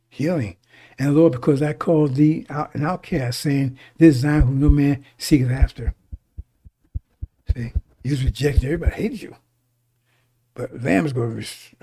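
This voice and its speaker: A man's voice: on the high side, dark tone, slightly rough. A man preaching a sermon, reading scripture aloud and then explaining it in casual talk, often asking "right?". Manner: reads verses then explains in casual speech, many restarts and "right?".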